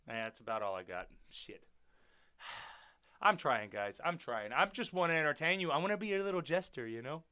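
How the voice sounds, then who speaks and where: High-voiced dude on a stream, bright and clean, swearing and rambling with chat. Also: male voice, very animated, moderate pace, clean tone, dry recording, clean studio sound. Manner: rambling, profane, jokey. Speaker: wrestler hosting a livestream. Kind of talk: casual livestream chat reading comments.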